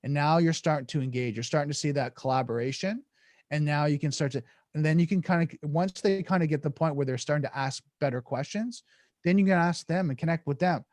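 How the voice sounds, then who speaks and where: A man's voice: medium pitch, fairly even intonation, moderate pace, darkish tone, no echo, studio quality. A man guesting on a podcast, explaining in an earnest, casual way and acting out sample dialogues, with many restarts. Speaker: podcast guest, negotiation coach.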